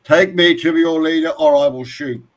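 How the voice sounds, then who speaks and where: A man putting on a shouting alien captain. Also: on the high side, normal speed, voice pushed up, close to an everyday voice. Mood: demanding. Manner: shouting, demanding. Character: bossy male alien captain with ray gun.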